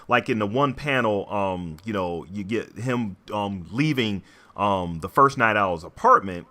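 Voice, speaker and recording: A young man co-hosting a podcast, talking haltingly with lots of ums and restarts. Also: on the low side, expressive, pushed and bright. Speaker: podcast co-host. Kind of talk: casual chat.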